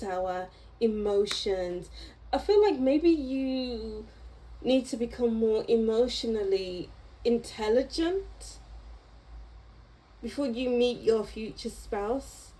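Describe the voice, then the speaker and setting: Slow, mellow-voiced woman reading tarot. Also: mid-range voice, low-quality recording. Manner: slow, reflective, gently encouraging with pauses and restarts. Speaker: tarot reader. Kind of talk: unscripted tarot reading monologue.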